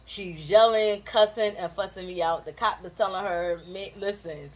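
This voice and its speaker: A woman tells a childhood story in a loose, animated way, often laughing and filling her talk with "like". Her voice sits at an everyday pitch for a woman. She sounds like a co-host chatting with her partner. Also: normal speed. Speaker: co-host of a couples channel. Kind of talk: casual storytelling chat.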